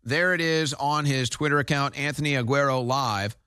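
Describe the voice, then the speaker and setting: A man's voice: mid-range voice, normal speed, pushed and bright, clean tone, dry recording, studio quality. A man giving urgent political commentary on a talk show.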